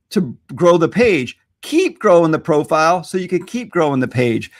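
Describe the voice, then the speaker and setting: A man from Louisiana, a social media expert guest, explaining strategy in an animated, self-deprecating way and laughing readily. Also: sits high, dry recording, clean studio sound. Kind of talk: conversational teaching.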